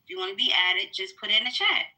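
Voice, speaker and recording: A woman's voice: medium pitch, big pitch swings, sharp tone, poor audio. A woman moderating a live audio-room discussion, firmly keeping order and running the speaking queue. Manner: firm, hurried, keeps order.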